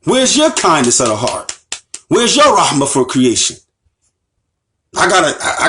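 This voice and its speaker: American guy preaching hard, kinda high voice, keeps repeating himself and asking you know what i'm saying. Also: big pitch swings, normal speed, fairly bright tone. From United States. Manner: emphatic, repeats phrases, asks the audience rhetorical questions. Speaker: Islamic teacher. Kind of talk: impassioned lecture.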